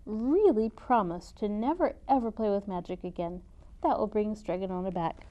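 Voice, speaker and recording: A woman's voice: mid-range voice, moderate pace, warm tone, natural voice. Woman doing Bambolona, clever young apprentice. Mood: hopeful. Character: clever, sensible girl apprentice witch.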